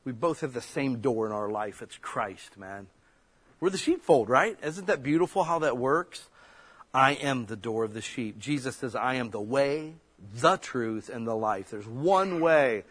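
A man, a pastor giving a folksy, conversational sermon, breaking into sudden loud bursts. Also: medium pitch, expressive, a little slow, slightly rough.

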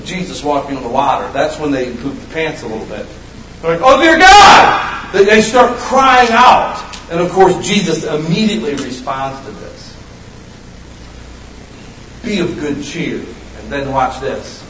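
A man in his fifties preaching a sermon as pastor, folksy and animated, with sudden shouted bursts. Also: on the high side, slight background noise. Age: 50s. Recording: echoey room, voice from a distance.

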